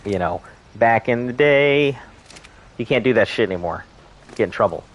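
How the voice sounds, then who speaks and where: A man's voice: medium pitch, expressive, moderate pace. Rambling, crude-joking male streamer. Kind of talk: casual gameplay commentary.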